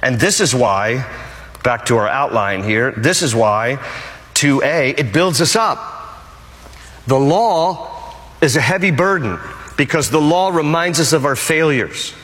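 A man's voice: mid-range voice, lively intonation, unhurried, fairly bright tone, big-room sound. A male pastor preaching a sermon emphatically and repeating his key phrases.

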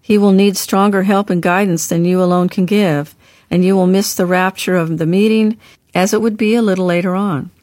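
A woman reading the part of a gentle older brother in an audiobook, speaking calmly and softly. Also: high-pitched, normal speed, no room sound, studio quality, natural voice. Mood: soothing. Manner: gentle, calm, softly reassuring. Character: gentle grown man, a caring older brother.

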